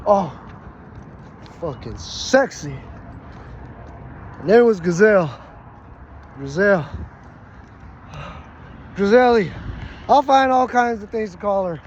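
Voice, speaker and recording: A man's voice: high-pitched, animated, slow, pauses often. A young man telling a loose, rambling party story full of cursing and casual asides. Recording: muffled lo-fi audio with loud background noise.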